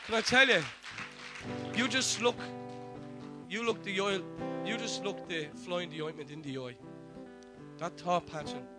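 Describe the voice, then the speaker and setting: A man's voice: sits high, a little slow, long pauses, loud music behind the voice. A man preaching a sermon, telling a testimony with fervent, repeated declarations.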